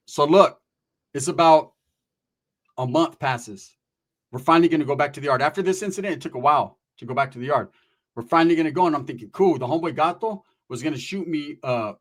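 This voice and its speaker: A man's voice: fairly high pitch, expressive, fairly quick. A man from California telling a story in casual, profane street slang, often tagging his sentences with "right?". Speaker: storyteller recounting prison experiences.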